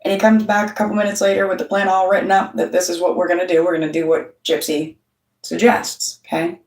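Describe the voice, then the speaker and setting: A woman's voice: on the low side, flat delivery, fast talker, a little mellow, distant mic. A middle-aged woman, the channel's host, telling a story straight to camera in a blunt way, swearing often and quoting other people. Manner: blunt, heavy swearing, storytelling with quoted voices. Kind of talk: casual monologue to camera. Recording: roomy sound, voice off-mic.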